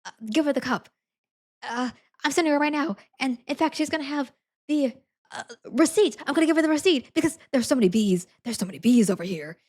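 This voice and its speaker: A woman's voice: high voice, lively intonation, brisk, a little mellow, pitched above the performer's own voice. Woman acting out a flustered drink-stand worker. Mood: hurried. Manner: flustered, repeating herself. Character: frazzled female drink-stand worker overwhelmed by bees.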